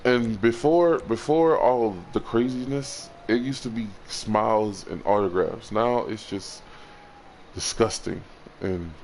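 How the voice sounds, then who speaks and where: A man's voice: on the low side, a little mellow, a little hiss or hum. Upset man stumbling through a vlog confession. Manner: halting, repeats words, swears. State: frustrated and upset. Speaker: vlogger.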